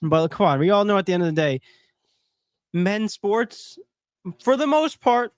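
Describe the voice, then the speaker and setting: High-voiced man, dry close sound, nasal. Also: sing-song, unhurried, smooth, no room sound. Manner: reads viewer comments aloud, joking and blunt. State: congested nose. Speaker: podcast co-host. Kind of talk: casual sports chat.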